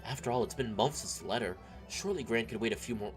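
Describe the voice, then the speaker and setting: A man's voice: lowish voice, fast talker, hardly any pauses. A man casually reading a visual novel aloud and chatting about it as he plays, with fillers and rambling asides. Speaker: game streamer. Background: game music.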